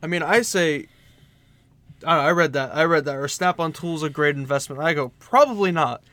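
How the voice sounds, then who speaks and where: A man's voice: fairly high pitch, steady tone, a little fast, sharp tone, dry recording. A young man in his twenties co-hosting a casual podcast, laid back and mostly chiming in with agreement. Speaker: podcast co-host.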